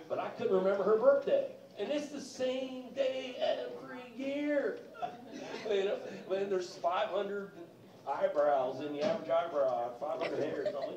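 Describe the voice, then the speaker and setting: A man's voice: on the high side, dull audio. A middle-aged man doing a stand-up routine, rambling through self-deprecating stories with crude asides, recorded in an echoey comedy club from some distance, with audience laughter behind him.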